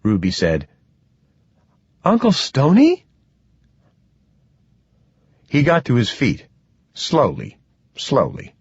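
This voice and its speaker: Male audiobook narrator, low, husky, lively reading, dull dry recording. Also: unhurried, dry recording. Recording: dull, dry, slightly muffled.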